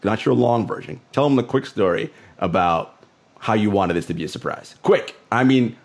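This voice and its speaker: A man's voice: lowish voice, lively intonation, normal speed, gravelly, slight background noise. Easygoing man hosting a podcast. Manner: easygoing, laughs often, thinks aloud. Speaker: podcast host. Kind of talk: casual podcast chat.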